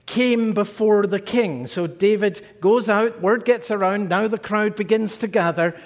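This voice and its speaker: A man preaching a sermon, earnest, rising to emphatic peaks and then dropping soft, heard in a large church hall. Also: high-pitched. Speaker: pastor. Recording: long hall reverb.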